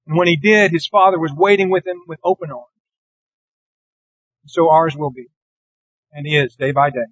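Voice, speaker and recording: Guy preaching a sermon, kinda high voice, reads verses slow and earnest, dry close sound. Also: fairly even intonation, dry recording, highs cut off. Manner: earnest, deliberate, slows for scripture. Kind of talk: sermon with scripture reading.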